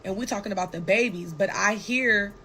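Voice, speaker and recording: A young woman guest on a talk show tells a personal story in a casual way, blunt, animated and full of swearing. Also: medium pitch, a little fast, a little hiss or hum, rough recording. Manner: blunt, profane and animated, with frequent "like" and "right?".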